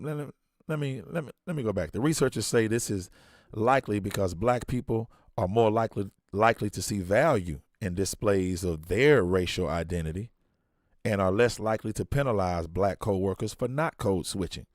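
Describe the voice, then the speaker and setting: Low-voiced male podcast host reading aloud. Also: no echo, studio quality. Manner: reads haltingly, restarts, blunt colloquial asides. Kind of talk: reading a study aloud with commentary.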